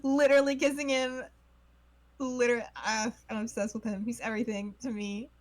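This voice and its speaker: A woman's voice: on the high side, flat delivery, normal speed. Giggly young woman streamer. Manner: rambling, giggly. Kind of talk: casual let's-play chat.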